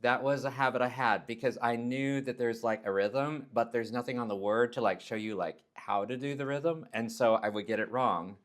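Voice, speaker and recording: A man from Texas, talking casually in a vlog and acting out word pronunciations with exaggerated tones. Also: mid-range voice. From Texas, United States. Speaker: nurse vlogger.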